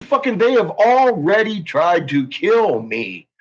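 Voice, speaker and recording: A man's voice: high-pitched, sing-song, slow pace, husky, muffled recording. A man ranting angrily on his channel, swearing constantly and making heated threats. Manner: profane, heated, swaggering threats. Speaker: YouTuber. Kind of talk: angry ranting vlog.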